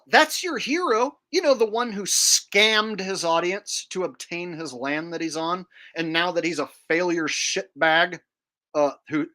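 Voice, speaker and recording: A man's voice: a little high, bright, forceful tone. A man hosting his own channel and giving a casual commentary rant in a sneering, boastful tone, swearing freely. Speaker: channel host.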